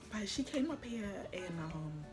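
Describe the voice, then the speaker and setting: A young woman, vlogging at home in a casual, slangy way that turns emotional at times. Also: medium pitch. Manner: chatty, slangy, emotional, quietly tearful at times. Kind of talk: casual chat.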